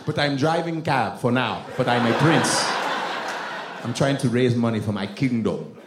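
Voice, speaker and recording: A man's voice: medium pitch, very noisy, natural voice. A man voicing a boastful Nigerian cab driver who insists he is a prince, with a put-on Nigerian accent. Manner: slow, insistent, grandly self-important. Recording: roomy club with loud crowd.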